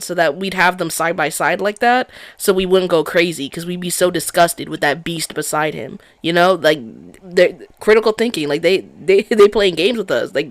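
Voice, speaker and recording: A streamer giving crude, excitable live commentary on a game, chattering and laughing. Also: mid-range voice, no echo. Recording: game music underneath. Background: game music.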